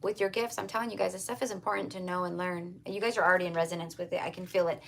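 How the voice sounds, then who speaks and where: A woman's voice: fairly low pitch, steady tone, very fast, gravelly, a bit bright, a little hiss or hum. A woman giving a casual tarot reading, talking earnestly and repetitively to her viewers. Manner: earnest, repetitive, emphatic, addresses viewers as you guys. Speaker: tarot reader.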